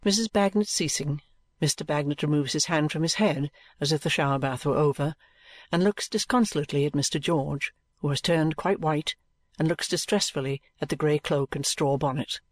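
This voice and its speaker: A man narrating a classic novel as an audiobook, in a measured, expressive reading. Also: fairly high pitch, dry recording. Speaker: audiobook reader.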